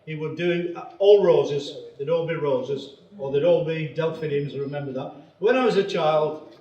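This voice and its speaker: A man's voice: fairly high pitch, normal speed, mellow, highs cut off. Wry older man. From north of England. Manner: sardonic and mock-serious. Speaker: comic performer and poet. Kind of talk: wry stand-up storytelling. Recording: roomy, far from the mic.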